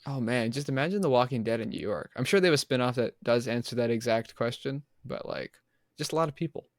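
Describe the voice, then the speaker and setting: A man's voice: medium pitch, fast, dry recording, clean studio sound. A man co-hosting a casual book club podcast over a call, playful and rambling. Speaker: podcast co-host. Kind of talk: casual chat.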